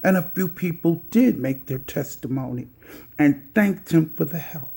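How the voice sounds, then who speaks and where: A woman's voice: sits low, animated, normal speed, gravelly, mellow, breathy edge. A woman vlogger calling out another vlogger in a sassy, scolding, teasing way.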